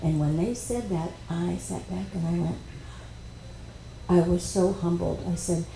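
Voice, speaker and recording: Woman workshop speaker, dark low voice, storytelling in an echoey hall with faint hiss. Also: unhurried, gravelly. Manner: animated, conversational, with quoted dialogue. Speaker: speaker at a spiritual expo workshop. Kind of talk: personal storytelling talk. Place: expo workshop room. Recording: echoey room with faint noise.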